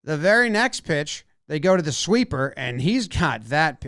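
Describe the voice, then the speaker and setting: Brief: male baseball analyst, high, bouncy voice, dry close sound, playful play-by-play breakdown. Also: moderate pace, few pauses, no room sound. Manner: animated, acts out players' imagined lines.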